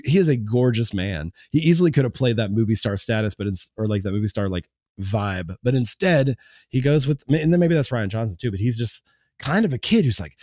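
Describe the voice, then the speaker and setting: A man's voice: medium pitch, lively intonation, a little fast, a little mellow, no echo, clean studio sound. A man co-hosting a film podcast, chatting casually and rambling with many fillers and restarts. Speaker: podcast co-host.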